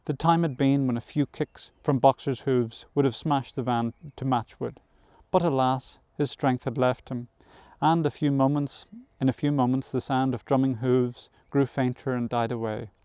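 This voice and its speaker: A man reads a classic novel aloud in a measured storytelling manner, sometimes correcting a slip. His voice sits at a middle pitch and sounds smooth and resonant. The recording is close and dry. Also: fairly even intonation, a little mellow, no echo. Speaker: audiobook reader. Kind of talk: scripted narration of a novel.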